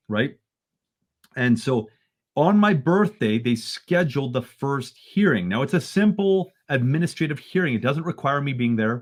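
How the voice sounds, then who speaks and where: A man from Canada, a podcast guest, telling a story in an animated way that rises into excited bursts. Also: mid-range voice.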